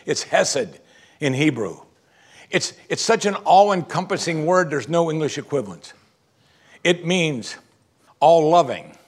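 A man preaching a sermon, swinging from quiet low asides to loud emphatic exclamations. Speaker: pastor.

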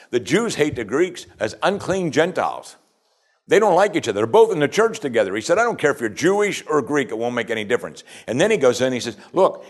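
A man's voice: medium pitch, slightly rough. A man preaching a sermon as pastor, building to emphatic call-and-response and acting out quoted voices.

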